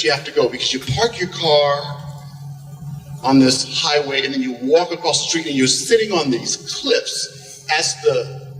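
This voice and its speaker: A middle-aged man from Oklahoma telling a comic story live to an audience, animated and acting out quoted lines. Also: a little high. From Oklahoma, USA. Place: large hall with an audience. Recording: echoey hall, far from the mic.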